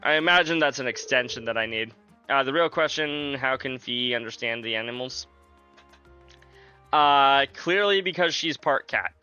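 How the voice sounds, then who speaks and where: A man's voice: mid-range voice, normal speed, pushed and bright, smooth, dry recording, lo-fi sound, soft background music. A man streaming a video game live, chatting casually and joking with his viewers.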